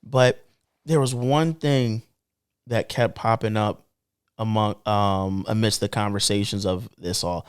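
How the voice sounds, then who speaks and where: A young man co-hosting a podcast, talking in an emphatic, animated way that swings between low drawn-out remarks and excited bursts. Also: clean tone. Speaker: podcast co-host. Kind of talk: casual podcast commentary.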